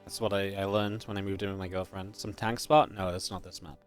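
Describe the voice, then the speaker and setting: A man from Northern England with a mild Geordie accent, casting an esports match with chatty, laid-back talk between plays and quick, lively calls during fights. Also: sits low, soft background music. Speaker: esports caster. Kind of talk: live game commentary with casual chat.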